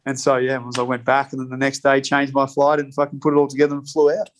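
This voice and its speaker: A man's voice: medium pitch, completely flat delivery, quick pace. Laid-back swearing man telling stories. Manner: rambling, heavy swearing, laughs between lines. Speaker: podcast guest, spirits company co-founder. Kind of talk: casual storytelling.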